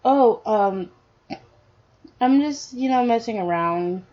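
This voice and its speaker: A woman reads a cheerful young male hero student with an easygoing, halting delivery. He stumbles through his words with plenty of fillers. The audio sounds dull and lo-fi. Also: on the high side, expressive, mellow, voice pushed up. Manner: easygoing, hesitant, filler-heavy.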